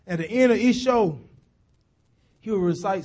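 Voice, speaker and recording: High-voiced man preaching a sermon. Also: moderate pace, pauses often. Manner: rhythmic, repetitive preaching that swells into shouts.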